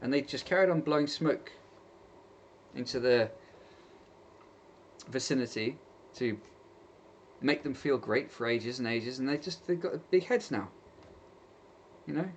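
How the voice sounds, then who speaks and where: Brief: vlogger, mid-pitched, sarcastic and fed up, faint background hum. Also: male voice, a little slow, pauses often. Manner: exasperated, sarcastic, mocking quoted voices. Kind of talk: opinion rant to camera.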